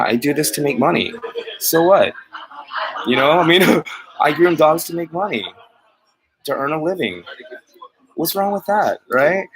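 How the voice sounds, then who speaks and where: A man chats casually on a live stream, earnest and a bit rambling, restarting his phrases and laughing now and then. His voice sits at an ordinary pitch with a gravelly, fry-touched texture. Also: low-quality recording. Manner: earnest, rambling, self-correcting, laughs often. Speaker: dog groomer hosting a live chat.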